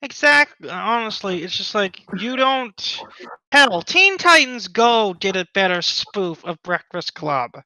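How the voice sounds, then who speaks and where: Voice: medium pitch, sing-song, measured pace, bright, forceful tone, no room sound, dull audio. A podcast co-host in casual chat, rambling with lots of "like" and restarts.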